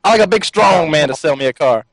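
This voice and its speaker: A man runs a prank call on his show, talking fast in a voice set slightly high. His delivery is sly and deadpan, and the sound is dry and close with no room around it. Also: no echo, low-quality recording.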